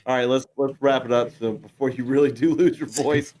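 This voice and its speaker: A man's voice: medium pitch, steady tone, fairly quick, a little mellow, slight background noise. A man co-hosting a casual show, wryly teasing his partner while signing off. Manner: wry, wrapping up the show. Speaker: podcast co-host. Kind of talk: casual chat.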